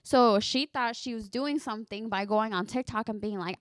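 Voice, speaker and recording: Young woman cohost, kinda high voice, rambly and laughy, dry mic. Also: moderate pace, no room sound. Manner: laughs often, rambling storytelling. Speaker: podcast co-host. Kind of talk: casual chat.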